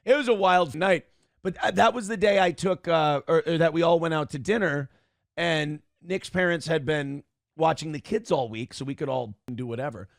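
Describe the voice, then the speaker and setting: Man, casual livestream storyteller, rambling and self-correcting, slightly high voice, dry close sound. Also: normal speed, vocal fry, no echo. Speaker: streamer reading chat and telling a story.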